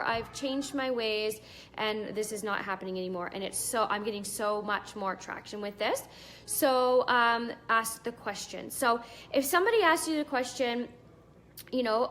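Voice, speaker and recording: Chatty woman coaching sellers, slightly high voice. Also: fairly bright tone. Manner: chatty, many fillers, plain direct advice. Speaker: direct sales coach. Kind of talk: casual live video teaching.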